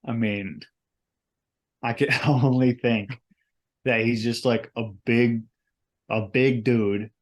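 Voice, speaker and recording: A man's voice: mid-range voice, fairly even intonation, slow pace, long pauses. Rambling, hesitant podcast co-host man. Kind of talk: casual chat.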